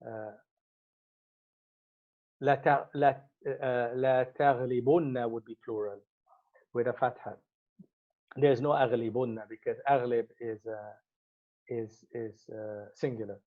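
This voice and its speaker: A man's voice: mid-range voice, fairly even intonation, unhurried, long pauses. A man teaching an Arabic grammar lesson, explaining step by step and repeating each Arabic word as he goes. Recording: slightly muffled lo-fi recording.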